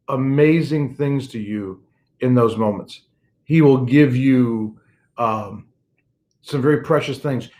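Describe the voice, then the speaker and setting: A man's voice: medium pitch, darkish tone. An older man gives a morning devotional as a pastor. His delivery is earnest and personal, and he circles back over key phrases for emphasis. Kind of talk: devotional sermon message.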